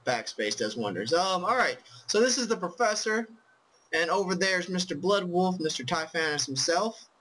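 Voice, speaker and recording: A man's voice: sits high, lively intonation, moderate pace, fairly bright tone, low-quality recording. A tired man casually commenting on his own gameplay as host, rambling with lots of ums and swearing. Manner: rambling, full of ums, profane. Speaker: let's play host.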